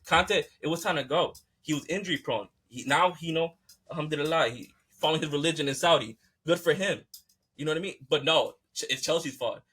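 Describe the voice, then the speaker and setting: An American man hosts a podcast, delivering a heated, casual rant that is fired-up, profane, and repetitive. His voice sits a little high, with a sharp tone and a breathy edge.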